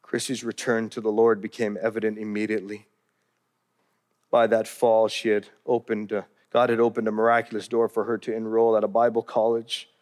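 A man's voice: fairly low pitch, monotone, a little fast, a little mellow. A man narrating a first-person memoir in an earnest, heartfelt storytelling manner.

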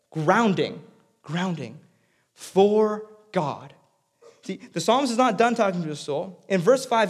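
A man preaching a sermon, swinging from hushed, whispered phrases to emphatic, raised climaxes. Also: sits high. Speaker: pastor.

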